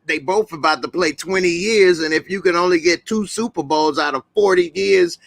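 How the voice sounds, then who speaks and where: A man with a fairly high, bright, forceful voice hosts a call-in show. He argues his sports opinions in an animated, slangy way. The sound is dry and close, with no room echo. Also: moderate pace, vocal fry. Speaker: host.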